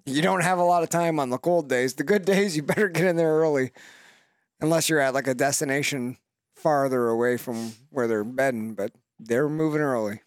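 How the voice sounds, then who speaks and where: Male podcast co-host, steady matter-of-fact talker, dry close mic. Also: mid-range voice, brisk, dry recording. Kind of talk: casual chat.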